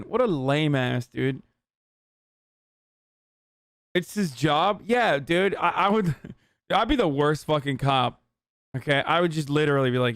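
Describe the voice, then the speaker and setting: Sarcastic high-voiced young man streaming. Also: expressive, normal speed, a bit bright, dry recording, clean studio sound. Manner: profane, sarcastic, exasperated. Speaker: streamer reacting to a TV show. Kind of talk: casual reaction commentary.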